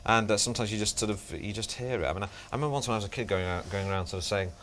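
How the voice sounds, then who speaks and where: A comedian guest on a chat show, dry and self-mocking, often stumbling and restarting before a punchline. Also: male voice, fairly low pitch, racing, fairly bright tone. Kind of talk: casual chat show banter. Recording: noisy late-1990s TV studio recording.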